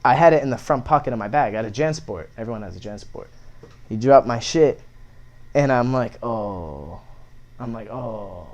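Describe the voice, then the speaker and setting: A man's voice: mid-range voice, fairly quick, a little mellow. A young man, a podcast guest, telling a story in a casual, profane way with many fillers.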